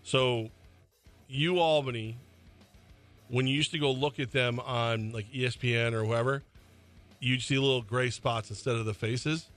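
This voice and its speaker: A man co-hosting sports talk radio, with wry, joking banter and quick opinions. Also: mid-range voice, steady tone, fairly bright tone, faint music behind.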